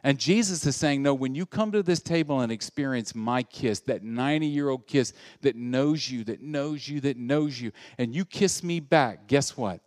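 A male pastor preaching a sermon, moving between loud, animated passages and hushed, intimate ones. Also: medium pitch, normal speed, hardly any pauses, dry recording, studio quality.

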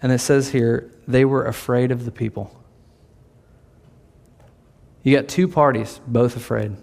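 Gravelly-voiced preacher, conversational and animated. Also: male voice, mid-range voice, moderate pace, hardly any pauses. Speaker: pastor. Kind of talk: sermon.

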